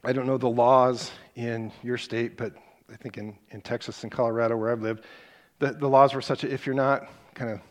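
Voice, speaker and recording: Middle-aged male preacher, conversational sermon delivery, animated storyteller. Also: mid-range voice, normal speed.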